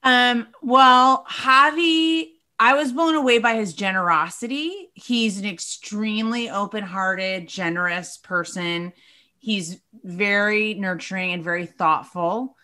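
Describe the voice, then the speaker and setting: A woman's voice: mid-range voice, slow pace, pushed and bright. A woman talking as a podcast guest in casual chat, loose and chatty with lots of "like" and "you know".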